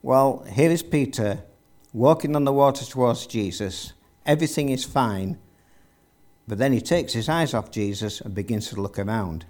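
A man's voice: mid-range voice, moderate pace, darkish tone. A man preaching a sermon, retelling a story with vivid narration and rhetorical questions to the congregation.

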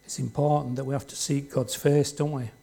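A man's voice: medium pitch, little pitch movement, a little fast, creaky, mellow. A man delivering a sermon from the front of a church. His delivery is plain and conversational, with a middle-range voice. He keeps asking the congregation "isn't it?" and "don't we?" to keep them involved. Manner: conversational, leans on tag questions to the congregation. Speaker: preacher.

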